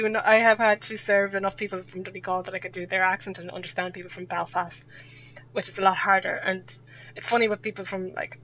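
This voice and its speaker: A woman's voice: medium pitch, sharp tone, lo-fi sound, a little hiss or hum. A woman with a West of Ireland accent from Sligo, chatting as a podcast guest in a chatty, rambling way. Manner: chatty, rambling, laughs often. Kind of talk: casual podcast chat.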